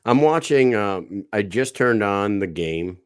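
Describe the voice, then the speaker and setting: Low-voiced joking podcast co-host, man. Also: slow pace, clear, resonant tone, no room sound, clean studio sound. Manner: profane, joking, excitable. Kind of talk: casual chat.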